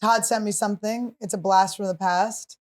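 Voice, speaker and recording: A stand-up comedian hosting a podcast, this woman chats casually in a mid-range voice at a moderate pace. She tells stories with animation, acting out plenty of other people's lines.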